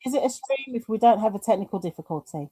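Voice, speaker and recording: This British woman's voice is a little high and animated, mellow in tone, and she talks at a quick pace with no echo around her. She's hosting a craft stream live, chatting loosely, reading out the chat and coaching herself through technical glitches.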